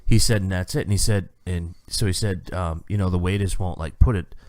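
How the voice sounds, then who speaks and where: A man's voice: deep voice, a little fast, no echo. A man co-hosting a podcast, telling a restaurant story in casual chat and acting out other people's lines. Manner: animated storyteller, acts out waiters' lines. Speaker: podcast co-host.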